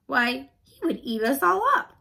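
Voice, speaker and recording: A tiny, proud queen of the field mice with a squeaky, dignified manner, as a woman reads her aloud. The voice is high, gravelly and husky. It is a storybook read-aloud. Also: animated, measured pace, heavily acted. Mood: anxious.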